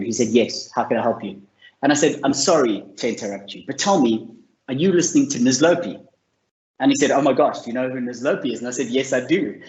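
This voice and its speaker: A man presenting a mental health course, telling stories in an earnest, encouraging way. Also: medium pitch. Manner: earnest, storytelling, warm and encouraging. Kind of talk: motivational talk to camera. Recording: roomy, slightly dull sound.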